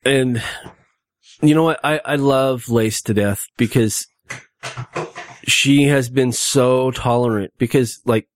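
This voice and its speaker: A man's voice: medium pitch, slow, pauses often, dry recording. Guy hosting a podcast after getting two back teeth pulled, rambling, dry close sound. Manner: rambling, with many fillers and restarts. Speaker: podcast host. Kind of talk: casual podcast chat.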